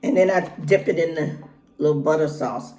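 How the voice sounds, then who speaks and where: A woman's voice: low voice, warm tone. Folksy woman chatting while eating. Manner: chatty, folksy, talks between bites with pauses. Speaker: vlogger. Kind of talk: casual mukbang vlog, talking while eating. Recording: echoey room.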